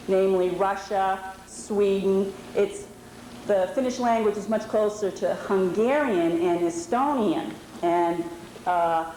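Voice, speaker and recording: A woman's voice: mid-range voice, a little mellow. Woman, forties, from New England, chatty explanatory talk, echoey meeting hall, faint background hiss. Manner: explanatory, conversational, with fillers. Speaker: presenter at a historical society meeting. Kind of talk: informal talk to an audience. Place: indoor lodge meeting hall. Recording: roomy hall recording with faint background noise.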